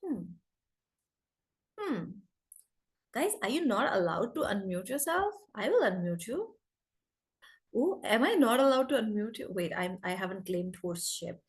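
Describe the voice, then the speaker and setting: A woman's voice: a little high, very animated, a little slow, pauses often. A woman with an Indian English accent teaching a live online class over a video call, chatty and calling students by name.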